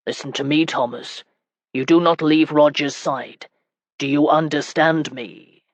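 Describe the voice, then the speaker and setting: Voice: medium pitch, normal speed, dry recording, close to an everyday voice. A narrator reading a stern medieval lord. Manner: firm, clipped orders. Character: stern medieval knight lord, commanding and proud. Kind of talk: audiobook character reading.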